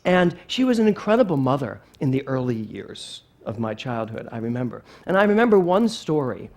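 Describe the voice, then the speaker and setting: A male pastor from Philadelphia giving a sermon, animated and playful, telling stories. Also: medium pitch, fairly quick, gravelly. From Philadelphia, USA.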